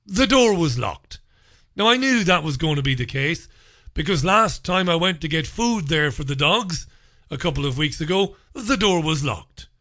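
A man's voice: a little high, animated, moderate pace, bright, forceful tone. A man telling a profane, sardonic comic anecdote in a vlog. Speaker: vlogger. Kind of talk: comic storytelling monologue.

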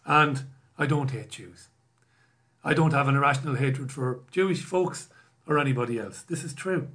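A man's voice: mid-range voice, normal speed, a bit bright. A man from Britain hosting a casual live stream, reading out viewer messages and greetings with sardonic, self-mocking asides and free swearing. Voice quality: bald, self-described poor at accents. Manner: sardonic, swears freely, laughs at himself.

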